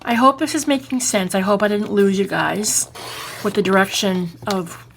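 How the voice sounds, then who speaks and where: A woman's voice: mid-range voice, moderate pace, creaky, slight background noise. A woman with a Boston accent hosting a casual crafting tutorial, chatty and rambling, correcting herself and checking that viewers are following along.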